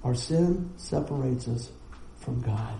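A middle-aged man, preaching a sermon in a folksy, storytelling way with quick asides. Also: medium pitch, vocal fry, mellow, roomy sound, a little hiss or hum, poor audio. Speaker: pastor.

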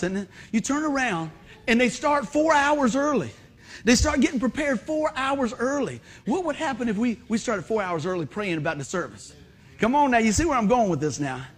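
A man preaching as pastor, telling lively stories and bursting into shouts. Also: extremely high pitch, fairly quick, breathy edge. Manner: animated storytelling, loud shouted bursts. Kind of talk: sermon. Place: church sanctuary.

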